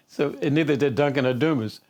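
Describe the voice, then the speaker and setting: A man's voice: medium pitch, a little mellow. Older man, singer, interview storytelling, easy chuckles, mid-range voice. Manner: chuckles often while telling anecdotes.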